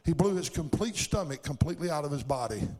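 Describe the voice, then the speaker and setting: A man's voice: on the high side, lively intonation, fast talker, darkish tone. A middle-aged man preaching a sermon, telling stories and building to fervent exhortation.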